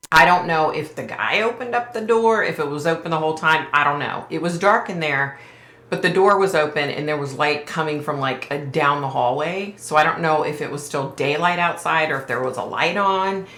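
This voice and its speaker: A woman's voice: low voice, normal speed, fairly bright tone, reverberant. A woman vlogger telling viewers about a psychic dream, hesitant and emotional, with frequent sighs and ums. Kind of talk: casual retelling to viewers.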